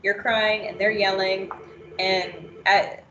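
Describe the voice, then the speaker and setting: A woman trainer reading an interactive story aloud in the second person, steady and unhurried. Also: medium pitch, roomy sound, muffled recording, a little hiss or hum.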